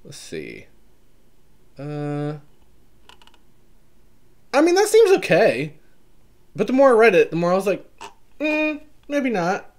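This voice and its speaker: This vlogger has a high voice and talks slowly, leaving long pauses as he flips through a book catalog. His Southern accent is toned down, and he reads the blurbs in a lively, casual way, breaking into exclamations, filler as he skims, and the occasional allergy cough.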